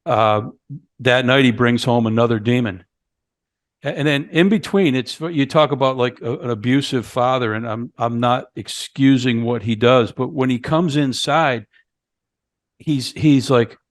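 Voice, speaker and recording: A man's voice: mid-range voice, a little slow, dry recording. A man co-hosting a horror movie podcast, casually recapping film scenes and acting out characters' lines. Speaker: podcast co-host. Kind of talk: casual movie review chat.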